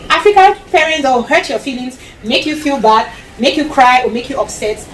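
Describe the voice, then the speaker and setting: Cameroonian mom vlogging, highish voice, repeats herself for emphasis, loud room noise behind. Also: female voice, expressive, normal speed, reverberant. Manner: emphatic and repetitive, slips into Pidgin phrases. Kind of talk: casual advice talk to camera. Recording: distant mic with loud background ambience.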